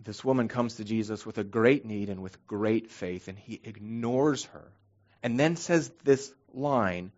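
A man's voice: on the low side, a little slow, darkish tone, muffled recording. A man preaching a sermon as pastor, earnest and emphatic, often restarting his phrases as he explains scripture.

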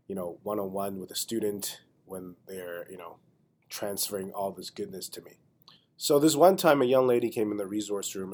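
A man's voice: lowish voice, a little mellow. A man hosting his own podcast, telling a casual, chatty story while congested from a cold. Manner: chatty, loose, with frequent "you know" asides. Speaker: podcast host and stand-up comedian.

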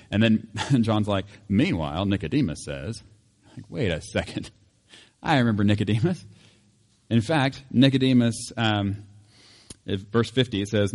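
A man reading scripture and then teaching in a relaxed, chatty way, laughing now and then. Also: lowish voice, moderate pace, long reverb tail. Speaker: pastor.

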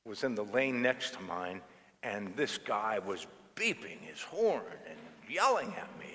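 Unhurried preaching priest in a reverberant church. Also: male voice, mid-range voice. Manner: storytelling, conversational, animated. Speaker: pastor. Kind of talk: sermon.

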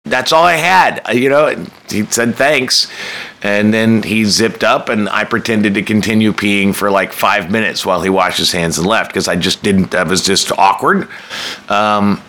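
A man's voice: fairly low pitch, normal speed, fairly bright tone. A man telling a candid, self-mocking personal story, swearing freely and breaking into sudden emphatic bursts.

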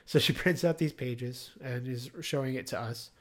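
In a medium-pitched voice at normal speed, a male podcast co-host casually chats through a recap of a TV episode. His delivery is jokey and offhand, full of fillers.

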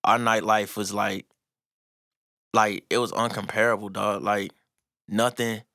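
A man chatting casually with a friend, his voice bright and forward. He talks in loose slang, drifting through stories and laughing easily. The sound is dry and close, with no room around it. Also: fairly low pitch, flat delivery, a little slow, dry recording. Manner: laid-back slangy storytelling, laughs often. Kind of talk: casual chat.

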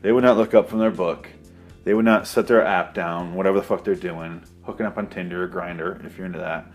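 A man's voice: low-pitched, steady tone, fairly quick, soft background music. A man giving a sarcastic, profane, rambling comedic recap of a movie plot.

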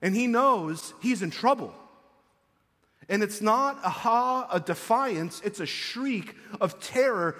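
Casual preacher in an echoey hall. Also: male voice, high voice, slow pace. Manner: casual, animated, acts out quotes. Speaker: pastor. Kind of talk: conversational sermon. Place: church.

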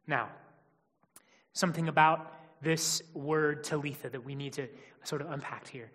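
A man with a notably high voice preaches a sermon, his words trailing into a long reverb. He swings from hushed, almost whispered tenderness to loud, emphatic declarations. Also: fairly even intonation, normal speed. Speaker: pastor.

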